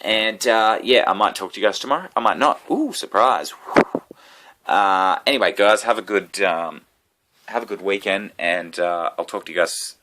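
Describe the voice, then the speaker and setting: A deep, low-pitched man rambles to camera in a loose, casual monologue. He swears freely and cracks self-mocking asides as he goes. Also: moderate pace, sharp tone, a little hiss or hum. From Australia. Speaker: comedian vlogger.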